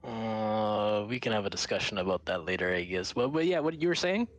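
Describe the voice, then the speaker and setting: A man's voice: lowish voice, expressive, fairly quick, low-quality recording. A man playing in a tabletop game, talking in a rambling, jokey way. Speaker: player. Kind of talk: casual tabletop play.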